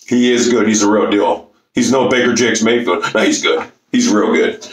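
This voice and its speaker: A man ranting about football for his channel, swearing and bragging as his pitch swings up and down. The recording has an echoey, roomy sound. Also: fairly bright tone. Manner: profane, boastful, repetitive ranting. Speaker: YouTuber. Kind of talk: football rant to camera. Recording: echoey room.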